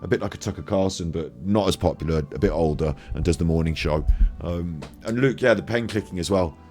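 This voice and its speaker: A man's voice: deep voice, a little fast, darkish tone, soft background music. A man streaming casual commentary over a video clip, chatty, laughing and swearing.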